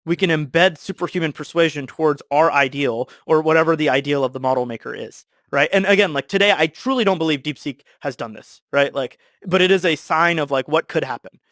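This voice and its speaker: A man speaking as a podcast guest, animated and quick, explaining with lots of fillers. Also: a little high, no echo, studio quality. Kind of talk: casual discussion.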